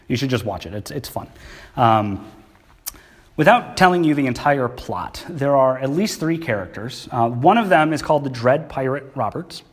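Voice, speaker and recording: A man, preaching a sermon in a church and talking conversationally with the congregation. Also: medium pitch. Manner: conversational, asks the congregation questions. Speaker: pastor. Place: church hall.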